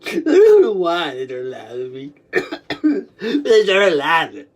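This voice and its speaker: Husky woman, halting and tearful. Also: fairly low pitch, sing-song. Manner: halting and repetitive, broken by coughs; swings between laughing and crying. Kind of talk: reliving a memory aloud.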